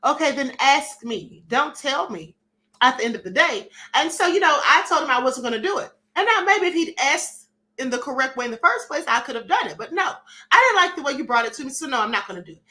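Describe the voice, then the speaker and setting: A middle-aged woman hosting a casual live stream, sassy and animated, acting out little dialogues and reading chat comments. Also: sits high, a little fast.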